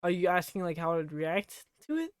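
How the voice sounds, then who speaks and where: A man's voice: sits high, sing-song, moderate pace, clear, resonant tone, dry recording, studio quality. A man playing a tabletop game, replying casually and hesitantly to the game master. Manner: hesitant, laid-back replies. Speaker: player.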